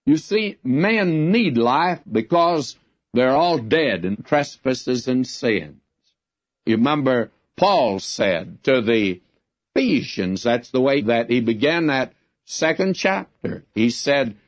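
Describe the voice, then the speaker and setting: A man's voice: medium pitch, sing-song. A man teaching from the Bible in an earnest, emphatic way, like a radio Bible broadcast. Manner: earnest, emphatic, slow and deliberate. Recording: dull lo-fi recording.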